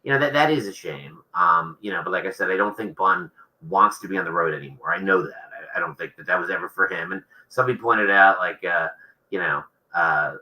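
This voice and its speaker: Man, author guest, lowish pitch, very bright tone, rambling casual interview talk. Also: a little fast, rough recording. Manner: rambling, many fillers and restarts.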